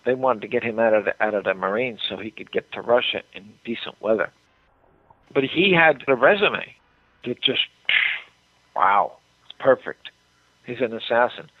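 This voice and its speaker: A man's voice: medium pitch, animated, normal speed. An older man telling a story with emphasis as a guest in a radio interview, often repeating words as he goes. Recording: dry tinny phone line.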